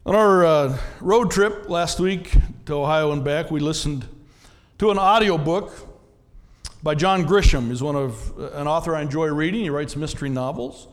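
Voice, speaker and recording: A man's voice: fairly high pitch, moderate pace, long reverb tail. A man, a pastor, preaching a sermon in a conversational way, often asking the congregation questions.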